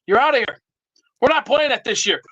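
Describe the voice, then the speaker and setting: Man, very high voice, bright, blustering drill-sergeant rant, call-in show regular. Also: animated, fairly quick, lo-fi sound. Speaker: regular caller. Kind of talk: ranting call-in bit.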